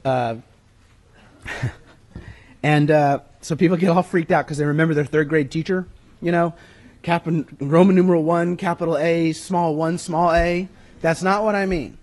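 A man gives a writing-workshop lecture to an audience, his voice on the high side, steady, and darkish. He speaks a bit slowly with long pauses, teaching conversationally and emphatically with handout references, and sometimes moves away from the mic.

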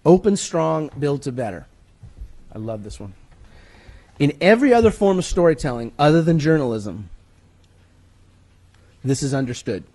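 A man's voice: on the high side, big pitch swings, normal speed, long pauses, warm tone. A man teaching a writing workshop. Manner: conversational teaching, emphatic, with handout references. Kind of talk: workshop lecture. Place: room with an audience. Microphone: moves away from the mic at times.

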